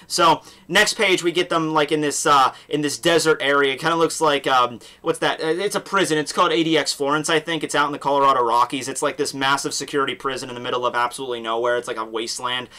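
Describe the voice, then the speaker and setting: A man's voice: fairly high pitch, steady tone, fast, hardly any pauses, pushed and bright. A young man casually recapping a manga chapter, rambling with lots of fillers and restarts. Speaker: manga reviewer.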